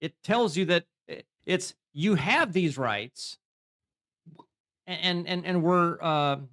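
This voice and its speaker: A man co-hosting a casual podcast chat, animated, laughing often and restarting his sentences. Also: fairly high pitch, slow. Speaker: podcast co-host.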